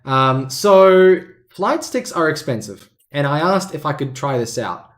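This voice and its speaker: A man's voice: fairly high pitch, lively intonation, a little slow. Chatty Australian man telling a story. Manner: rambling anecdotal storyteller, acts out quoted voices. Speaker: podcast host. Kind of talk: casual chat.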